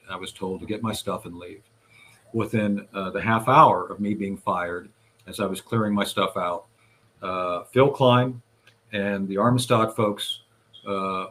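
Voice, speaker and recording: Low-voiced man telling his story. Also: fairly bright tone, a little hiss or hum. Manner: recounts events step by step, addresses listeners directly. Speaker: guest. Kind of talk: conversational storytelling.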